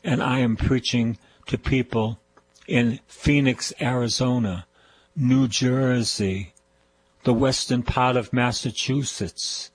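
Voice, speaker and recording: Husky, unhurried older man, Boston accent, fervent radio sermon. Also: mid-range voice, steady tone, low-quality recording. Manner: fervent, repetitive preaching with call-and-response praise. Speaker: priest and radio preacher.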